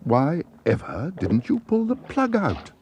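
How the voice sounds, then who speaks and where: A man's voice: fairly high pitch, wildly swooping pitch, measured pace, darkish tone, lo-fi sound, slight background noise, pitched above the performer's own voice, full character voice. A man voicing a puzzled, incredulous young boy in a storybook reading.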